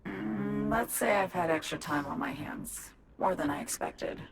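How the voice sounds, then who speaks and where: An actress playing a secretive young woman hacker, talking in a hushed, hurried, guarded way in a game. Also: mid-range voice, gravelly. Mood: urgent. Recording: game audio with background noise.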